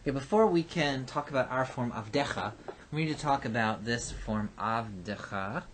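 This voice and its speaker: A man teaching a recorded lesson, explaining patiently with frequent pauses and fillers. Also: mid-range voice, slight background noise. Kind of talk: recorded lecture.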